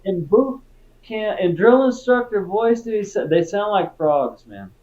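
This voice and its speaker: A man's voice: sits high, sing-song, measured pace, a little mellow, highs cut off. A man from Texas, a former Marine, telling stories in a casual interview in a laid-back, profane way. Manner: profane, laid-back, peppers talk with "dude" and "right?".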